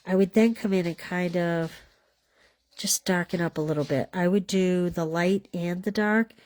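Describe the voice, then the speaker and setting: A woman's voice: fairly low pitch, moderate pace, darkish tone. A woman hosting a live card-making class from home, chatting casually as she colors and assembles cards, often trailing off mid-sentence. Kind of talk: casual live craft demonstration.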